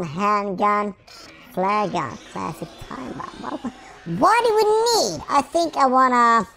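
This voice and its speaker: A woman giving excitable let's-play commentary, playfully taunting the game characters as she plays. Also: mid-range voice, vocal fry. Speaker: gameplay commentator.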